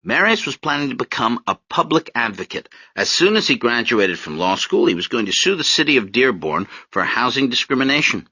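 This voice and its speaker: A man reading an audiobook in an expressive storytelling manner. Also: medium pitch, fairly quick, few pauses, breathy edge, no room sound. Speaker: audiobook narrator. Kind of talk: scripted narration. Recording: dull, dry lo-fi audiobook recording.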